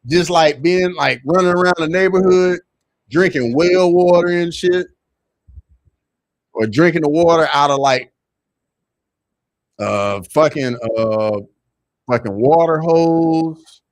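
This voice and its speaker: A man's voice: slow, long pauses, no echo. Slangy young man with a Southern accent. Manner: loose, slangy, swings to loud excited pitch. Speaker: livestream host reading chat. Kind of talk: casual livestream chat.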